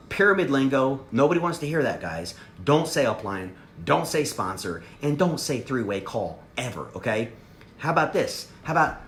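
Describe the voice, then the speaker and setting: A man giving a sales training talk, coaching energetically and acting out sample phone calls. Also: mid-range voice. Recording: echoey room with faint ambient noise.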